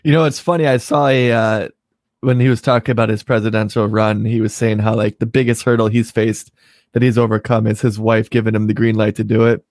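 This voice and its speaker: A man's voice: on the low side, flat delivery, brisk, a little mellow, no echo. A man co-hosting a casual political podcast, giving his opinions in a conversational, swearing way. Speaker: podcast co-host.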